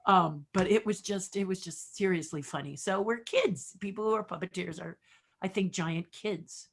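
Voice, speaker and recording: An older woman, an animated storyteller, talking as a guest in an interview. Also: fairly low pitch, moderate pace, gravelly, breathy edge. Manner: animated storyteller, acts out quotes.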